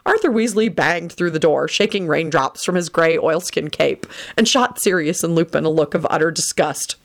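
A woman reading a story aloud with expressive storytelling. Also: low voice, moderate pace, gravelly. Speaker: reader. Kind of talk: reading fan fiction aloud.

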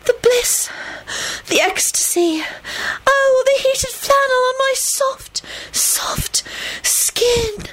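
A woman reading an audiobook, voicing a melodramatic female water spirit who wails and pleads slowly. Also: extremely high pitch, pitched above the performer's own voice, rough recording. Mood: swooning. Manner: slow, wailing, breathy theatrical pleading. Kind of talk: audiobook narration.

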